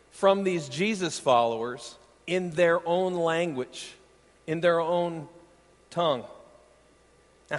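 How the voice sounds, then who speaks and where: A man from Iowa preaching a sermon as pastor, emphatic and animated, often checking in with his listeners with rhetorical questions. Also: fairly high pitch. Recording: long reverb of a large hall.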